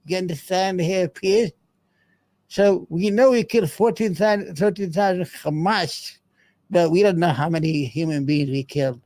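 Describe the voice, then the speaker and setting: A man's voice: sits high, moderate pace, a little mellow. A man hosting a show, giving heated, profane, rambling commentary on a news clip. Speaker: show host.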